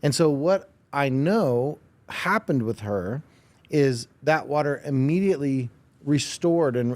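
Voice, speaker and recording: A man telling an animated story. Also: medium pitch. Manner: animated, acts out quoted dialogue; explanatory, technical. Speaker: podcast guest. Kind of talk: casual storytelling interview.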